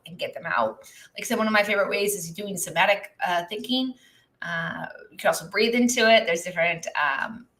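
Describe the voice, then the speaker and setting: A woman's voice: mid-range voice, bright, forceful tone, low-quality recording. A woman business coach talking casually to viewers on a live stream, chatty and reflective, with lots of fillers and asides. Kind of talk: live-stream teaching talk. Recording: live online broadcast.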